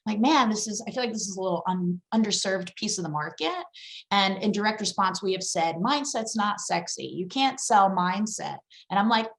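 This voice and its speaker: A woman's voice: medium pitch, expressive, moderate pace. A woman who is a copywriter and coach, a guest on a podcast, talking frankly and energetically with casual swearing.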